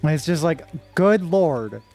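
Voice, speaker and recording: A woman's voice: deep voice, lively intonation, slow, mellow, soft background music. A woman streamer chatting casually with her viewers while gaming, rambling and emotional, with sudden frustrated outbursts.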